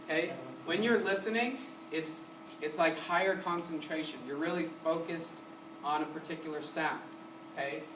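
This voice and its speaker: The recording, made with a distant mic in a community center room, is roomy and carries room noise. A man with a slightly high voice and moderate pace teaches music, energetically quizzing the class and singing short syllables to show them.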